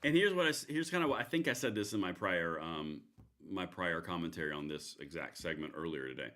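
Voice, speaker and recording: A man's voice: sits low, expressive, brisk, a bit bright. A man hosting a live political commentary stream, talking in a rambling, sarcastic way with many restarts. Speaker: livestream host.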